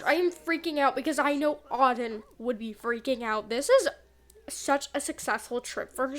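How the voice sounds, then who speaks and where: A young woman chatting through a life-sim let's play, animated and gushing, full of "like" and "oh my gosh". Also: high voice. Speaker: gaming YouTuber. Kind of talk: excited let's play commentary.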